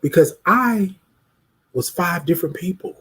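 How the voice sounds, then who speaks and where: A high-voiced man with a husky edge hosts a live stream. He talks straight to his viewers with emphatic, preachy conviction and calls them to speak up. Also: expressive, measured pace, a bit bright. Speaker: host of a live talk show. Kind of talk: motivational live-stream monologue.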